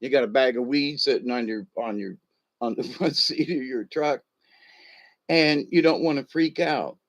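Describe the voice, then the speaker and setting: A man's voice: medium pitch, moderate pace, muffled recording. A man, chuckling as he tells a rambling personal story full of ums and uhs. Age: 60s. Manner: rambling, chuckling, with many fillers.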